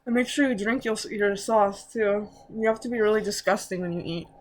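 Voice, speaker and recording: A woman's voice: medium pitch, brisk. A young woman chatting casually at home while she eats on camera, rambling and mocking herself. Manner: rambling, self-mocking, talks while eating. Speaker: mukbang vlogger. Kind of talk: casual eating-show chat.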